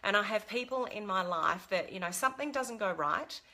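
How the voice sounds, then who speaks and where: A woman's voice: mid-range voice, lively intonation, normal speed, sharp tone. A middle-aged woman talking to camera, giving earnest life advice with fillers and restarts. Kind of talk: casual talk to camera.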